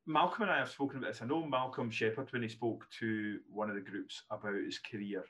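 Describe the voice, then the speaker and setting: A man in his fifties, a neurologist telling self-deprecating stories as a podcast guest, animated, with frequent restarts. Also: lowish voice, a little fast. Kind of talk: casual podcast storytelling.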